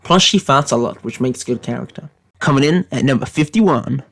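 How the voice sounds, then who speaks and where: A British man putting on an American accent, giving deadpan, mock-serious tier-list commentary with rambling tangents. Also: medium pitch, moderate pace, gravelly. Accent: put-on American accent. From Britain. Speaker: YouTube commentator.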